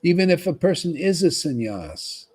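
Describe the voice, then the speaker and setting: A man giving an informal, rambling devotional talk to followers, often pausing to ask "see?" and repeating himself. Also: fairly high pitch, sing-song, darkish tone, husky. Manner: conversational, rambling, repeats words and asks "see?". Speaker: spiritual teacher.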